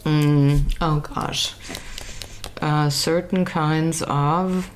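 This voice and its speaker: A woman's voice: low-pitched, steady tone, drawn-out words, a little hiss or hum. A woman chatting casually while she colours, rambling and searching aloud for words, with self-mocking asides. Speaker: colouring vlogger.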